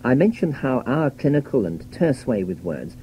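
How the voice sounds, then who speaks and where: Dark-voiced British man giving a radio talk. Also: medium pitch, big pitch swings, low-quality recording. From Britain. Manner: measured, wry, lecturing delivery. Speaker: radio essayist. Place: radio studio. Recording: old radio broadcast with faint hum.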